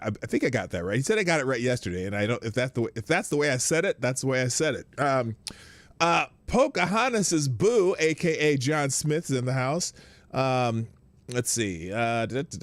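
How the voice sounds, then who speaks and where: A man's voice: mid-range voice, dry recording. A man hosting a morning live stream in a casual, rambling way, greeting his viewers one by one. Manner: animated, greets viewers by name, rambling asides.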